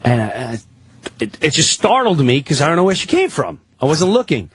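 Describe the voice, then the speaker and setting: A man telling a rambling, excitable story as a guest on a talk-radio show, acting out the people in it. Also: a little high, a little fast, slightly rough, dry recording.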